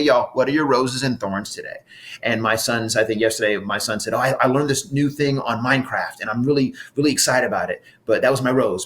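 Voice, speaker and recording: A middle-aged man giving an animated conference talk, leading his listeners in vocal exercises. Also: mid-range voice. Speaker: conference speaker and facilitator. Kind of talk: conference talk with audience participation.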